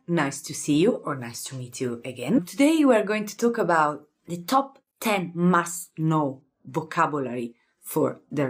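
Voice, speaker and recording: A young Italian woman with an Italian accent teaching vocabulary in a relaxed, chatty way, repeating each word slowly and using many fillers. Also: low-pitched. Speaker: language teacher. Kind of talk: casual vocabulary lesson.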